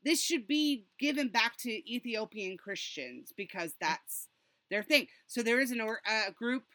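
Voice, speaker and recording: A woman co-hosting a casual podcast, telling stories in an animated way and breaking into excited laughter. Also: a little high, a little slow, no echo. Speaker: podcast co-host.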